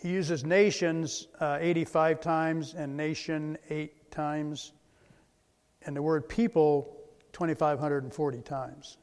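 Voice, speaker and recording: A man's voice: on the high side, flat delivery, slow pace, darkish tone. A man giving a slide presentation lecture, methodical, spelling out words letter by letter. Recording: long hall reverb.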